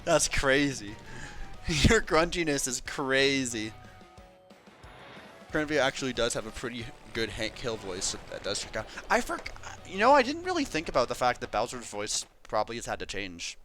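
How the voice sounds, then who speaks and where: A man's voice: medium pitch, sing-song, fairly quick, a bit bright, soft background music. A man streaming live, chatting casually and laughing often as he plays. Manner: chatty, laughs often, reads game lines aloud in voices. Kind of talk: casual chat while playing and voicing game dialogue.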